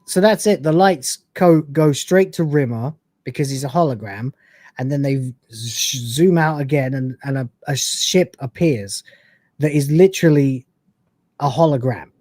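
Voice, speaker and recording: A male host reviewing an old comedy series on a live stream, retelling each scene casually and rambling, with lots of fillers. His voice sits at a middling pitch and sounds dry and close to the mic. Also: measured pace, a little mellow, no echo.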